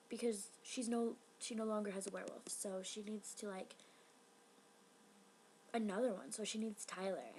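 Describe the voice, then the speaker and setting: Woman, casual vlog review, flat and even pitch, rambling and emotional, faint background hiss. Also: low-quality recording. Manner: rambling, excitable and emotional, with lots of "like" fillers. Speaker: TV episode reviewer.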